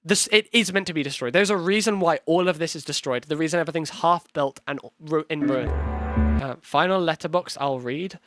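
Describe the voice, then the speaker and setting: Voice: mid-range voice, normal speed, fairly bright tone, soft background music. A young streamer with a London accent close to Cockney, chatting loosely through a reaction stream, rambling, swearing and laughing easily. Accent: London, near Cockney. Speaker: streamer and actor in the series.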